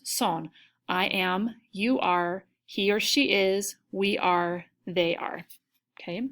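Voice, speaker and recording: A woman teaching a recorded lesson, explaining step by step and checking in with "okay?". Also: lowish voice. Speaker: Spanish teacher.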